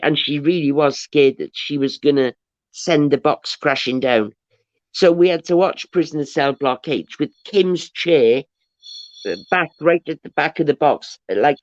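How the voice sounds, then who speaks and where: A woman's voice: low voice, no echo. Woman host, chatty rambler, dull dry lo-fi stream audio. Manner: chatty storyteller, rambling with restarts. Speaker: livestream host. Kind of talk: casual livestream chat.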